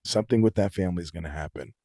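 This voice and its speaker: A young man on a podcast as the guest, telling stories in an animated, casual way and swearing freely. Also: sits low, racing, dry recording, studio quality. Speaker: podcast guest, singer-songwriter. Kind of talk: casual storytelling chat.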